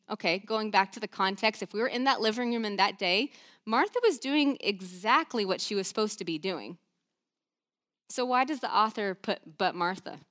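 A woman preacher giving a chatty, conversational sermon, animated and full of asides. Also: medium pitch.

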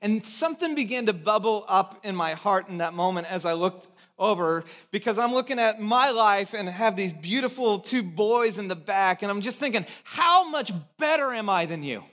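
Pastor guy in his 30s from california, high voice, chatty sermon storytelling, pokes fun at himself. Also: moderate pace, hardly any pauses, a bit bright. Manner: conversational storytelling with self-mocking humor.

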